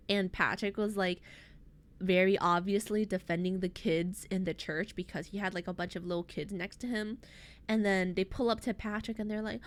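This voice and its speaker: A woman VTuber with a mid-range voice recaps a story to her chat, rambling and animated, full of fillers and internet slang.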